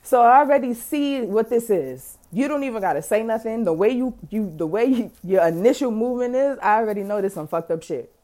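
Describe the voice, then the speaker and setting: Woman podcast host, warm, low-lit voice, animated and slangy storyteller. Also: fairly quick, few pauses. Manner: animated, profane, slangy and dramatic. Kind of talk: casual storytelling.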